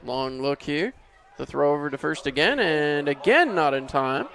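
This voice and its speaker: A man's voice: fairly high pitch, expressive, normal speed, gravelly, a bit bright. A man calling baseball play-by-play from an outdoor ballpark booth, easygoing and chuckling, his voice rising sharply on big hits. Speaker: play-by-play announcer.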